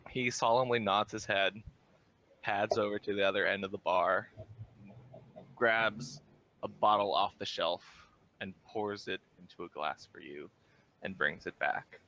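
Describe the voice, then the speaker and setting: A man narrating a tabletop game as game master, in an unhurried, descriptive way. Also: lowish voice, bright, forceful tone, lo-fi sound, a little hiss or hum.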